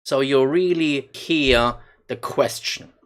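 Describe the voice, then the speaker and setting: A man teaching phrases in a slow, deliberate instructional voice-over, repeating lines for learners. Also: mid-range voice, a bit bright, smooth. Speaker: language teacher.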